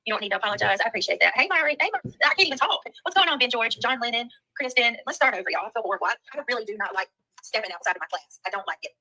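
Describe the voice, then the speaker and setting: A Southern woman hosts a livestream, talking fast and greeting viewers one after another. Her voice is bright and sharp, pitched a little high, with quick casual chatter. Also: lively intonation, poor audio. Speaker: livestream host. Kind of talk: casual livestream chat reading comments.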